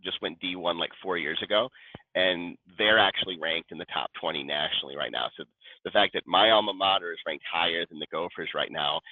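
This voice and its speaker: A man from Minnesota, the guest speaker, talking in a relaxed, rambling way and correcting himself as he goes, on a video call. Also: low voice, a little fast, no echo. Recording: tinny phone-like call line.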